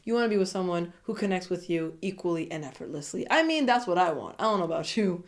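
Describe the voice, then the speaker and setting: A woman giving a casual, opinionated recap of a TV episode, chatty and quick to slip into playful voices. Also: lowish voice, lively intonation. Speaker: TV show recap vlogger. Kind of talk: casual commentary monologue.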